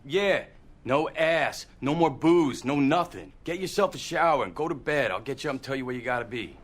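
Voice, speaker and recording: An actor playing a gruff male mob enforcer who gives clipped, commanding orders in a film clip. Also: medium pitch, animated, moderate pace, natural voice. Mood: threatening.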